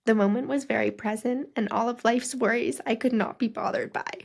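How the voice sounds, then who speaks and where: A woman's voice: on the high side, fairly even intonation, fairly quick, gravelly, husky. A young woman hosting a podcast, telling personal memories in a rambling, casual way with many fillers. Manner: rambling, many fillers, laughing through tears. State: crying at times. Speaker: podcast host.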